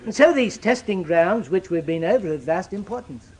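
A man preaching a sermon with an old-fashioned scriptural cadence, swinging from loud emphatic declarations to hushed, solemn asides. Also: high voice, expressive, moderate pace, slightly rough.

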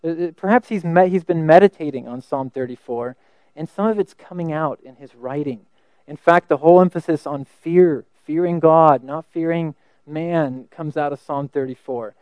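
A man teaching a sermon, thinking aloud with restarts and slowing down to read verses. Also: on the high side, darkish tone, dry recording. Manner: thoughtful, halting with restarts, slows to quote verses. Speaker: preacher teaching scripture.

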